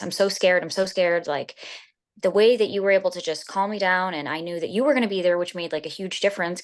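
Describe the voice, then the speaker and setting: A woman giving a casual interview testimonial as a retreat guest, rambling with lots of fillers and restarts. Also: sits low.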